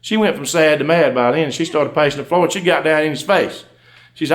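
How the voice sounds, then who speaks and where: Fast-talking Southern country undertaker. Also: male voice, fairly high pitch. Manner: folksy, drawling, breaks into laughs at punchlines. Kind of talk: comic storytelling to a live audience. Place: stage before a live audience.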